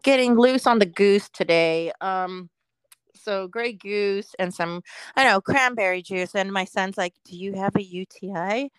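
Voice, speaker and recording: A woman's voice: medium pitch, measured pace, smooth, dry recording, poor audio. A woman in her forties co-hosting a podcast, joking playfully and swearing, with frequent laughter. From American. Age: 40s. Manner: laughs often, profane and playful. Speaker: podcast co-host. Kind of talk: casual chat.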